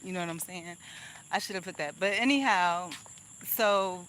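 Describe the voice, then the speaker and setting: Angry woman venting, bright forceful voice. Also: lowish voice, moderate pace, a little hiss or hum, low-quality recording. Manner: venting, rambling with restarts and laughs. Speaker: vlogger. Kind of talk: casual vlog monologue.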